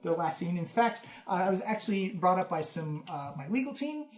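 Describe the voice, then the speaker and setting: A man with a somewhat high voice narrates a tabletop game as its game master. He tells the scenes with animated, lively detail. The recording carries a noticeable room echo. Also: brisk. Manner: animated storyteller, lively descriptions.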